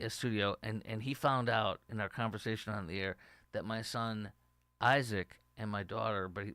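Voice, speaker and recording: A middle-aged man rambles through opinionated commentary on his own political talk show, reading viewer comments aloud. His smooth, resonant voice is lowish with a fairly bright tone. The sound is dry and close, with no room echo.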